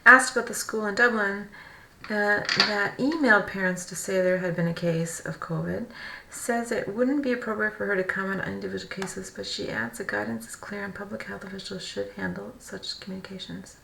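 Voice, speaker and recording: A woman streaming live, reading news aloud haltingly and correcting her own stumbles between casual remarks. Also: mid-range voice, gravelly, pushed and bright. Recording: roomy echo, faint background noise.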